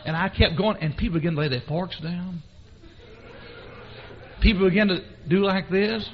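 A man delivers a sermon, telling stories with animation and calling on the congregation. His voice sits a little high for a man. The recording sounds dull and lo-fi, with a faint hiss behind it. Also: normal speed, pauses often. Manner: animated storytelling, calls on the congregation. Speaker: preacher. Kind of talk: sermon with anecdotes.

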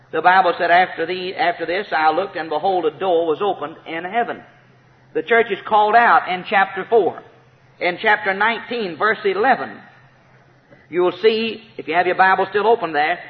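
A man preaching a sermon, emphatic and repetitive, rising to shouted praise. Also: high voice. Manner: emphatic, repeats key phrases, rises to shouts of praise. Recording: tinny phone-like sound with long hall reverb.

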